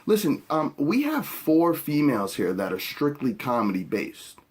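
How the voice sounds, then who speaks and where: A man's voice: fairly high pitch, sing-song, moderate pace, slightly rough. A man hosting a podcast, giving a blunt, opinionated reaction with casual swearing. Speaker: podcast host.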